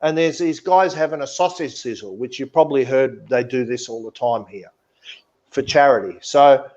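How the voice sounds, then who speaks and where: A man's voice: medium pitch, moderate pace, a little mellow, lo-fi sound. A man telling a story in casual podcast chat, blunt and indignant, swearing freely. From Australia. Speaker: podcast co-host.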